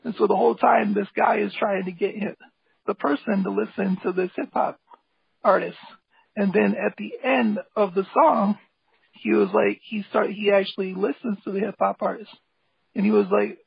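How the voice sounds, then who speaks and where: A man with a high voice and heavy vocal fry speaks casually, with plenty of filler words. His tone stays enthusiastic and rambling. The sound is dry and dull, like a lo-fi call recording. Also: fairly even intonation, moderate pace, no room sound. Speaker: guest, hip hop artist and graphic designer. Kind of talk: casual interview talk.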